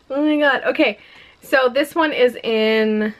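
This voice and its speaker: A woman's voice: a little high, lively intonation, measured pace, a bit bright, rough recording. A woman vlogging a casual makeup unboxing at home, gushing and exclaiming with frequent giggles. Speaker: beauty vlogger.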